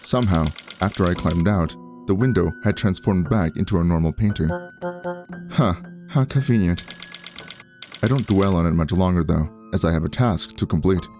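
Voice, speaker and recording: A man reading a visual novel aloud in a steady first-person narration. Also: low voice, a little fast, few pauses. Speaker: game narrator. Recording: background music.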